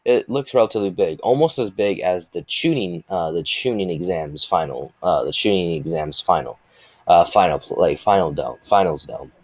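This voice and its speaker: Deep voiced guy making up a fan story on the fly, lots of uhs and restarts, dry close sound. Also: expressive, moderate pace, darkish tone, no room sound. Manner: rambling, with many restarts and fillers. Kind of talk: improvised fan story narration.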